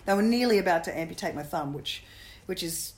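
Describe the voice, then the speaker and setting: A woman's voice: on the low side, animated. A middle-aged woman, a former cricketer, telling jokey stories in a casual interview. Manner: quick, jokey anecdotal storytelling. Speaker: guest, former cricketer and coach.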